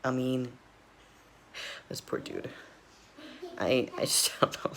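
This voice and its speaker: A man's voice: medium pitch, expressive, slow, creaky, a bit bright, slight background noise. A man casually reacting to a video, rambling, laughing often and repeatedly apologizing.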